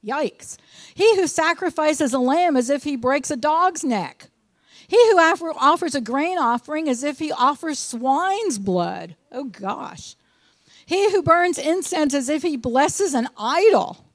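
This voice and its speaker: A woman preacher with a high, bright-pitched voice, earnest and folksy as she reads scripture and explains it. The sound is dry and close, with no room echo. Her emphasis rises on the scripture lines. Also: expressive, measured pace. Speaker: Bible teacher. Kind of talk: sermon with scripture reading.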